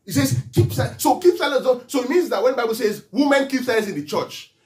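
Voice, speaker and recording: A pastor delivers an interactive teaching sermon in a high, lively voice that rises and falls, quizzing his congregation with call-and-response questions. He reads scripture lines slowly and deliberately. The recording is echoey and roomy, his voice picked up from a distance.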